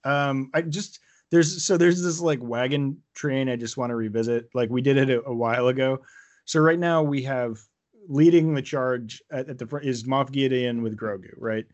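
A man co-hosting a fan podcast chats casually, rambling, restarting thoughts and circling back over them with playful quips and asides. His mid-range voice has a darkish tone and a moderate pace.

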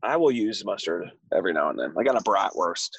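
A man with a low, husky voice calls in from his parked car and chats about his day in an easygoing, rambling way. The sound is dry and close, with faint music behind. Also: expressive, fast, no echo. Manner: easygoing, laughing, rambling chat. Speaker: podcast co-host. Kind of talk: casual chat.

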